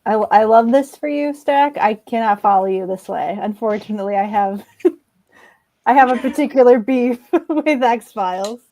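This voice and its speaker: A woman's voice: on the high side, moderate pace, warm tone. A woman co-hosting a casual chat, talking earnestly and laughing now and then. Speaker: podcast co-host.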